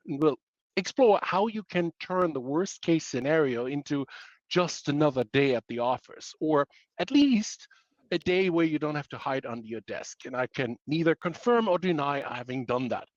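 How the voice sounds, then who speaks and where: A man's voice: fairly high pitch, animated, normal speed, no room sound, dull audio. A man presenting a webinar in a playful way, packed with pop-culture analogies and self-mocking asides.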